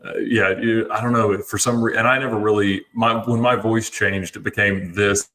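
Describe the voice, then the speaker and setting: A man from Georgia, a guest on a podcast, speaking in a neutral American accent with a slight Southern trace, measured and a little hesitant. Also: fairly low pitch, steady tone, sharp tone. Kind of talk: casual podcast chat.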